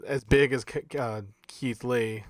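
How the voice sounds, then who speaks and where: A mid-pitched man co-hosts a podcast in loose, rambling casual chat with chuckling asides. The sound is dry and close, with no room echo. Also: steady tone, a little slow. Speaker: podcast co-host.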